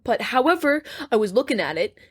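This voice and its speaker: A chatty woman co-hosting a podcast, talking in casual chat with plenty of giggles. She slips into silly put-on voices when retelling scenes, and her voice sits a little high. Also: sing-song, a little fast, breathy edge. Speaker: podcast co-host.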